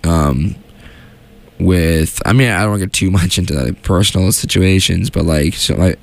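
A man's voice: deep voice, normal speed, vocal fry, no room sound. A young man hosting a solo show from a small studio, chatting casually and rambling with lots of fillers and restarts. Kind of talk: casual solo radio chat.

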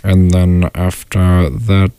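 A young man co-hosting a casual podcast, talking in a deadpan way and slipping into silly voices. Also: sits low, slow, clear, resonant tone, dry recording. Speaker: co-host.

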